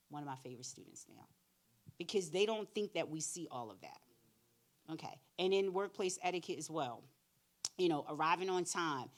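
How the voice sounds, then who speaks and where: A middle-aged woman giving a candid career-readiness talk, animated and plain-spoken, acting out both sides of her stories. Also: on the low side, brisk. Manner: animated storyteller, acts out both sides of conversations. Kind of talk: church workshop talk with acted-out anecdotes.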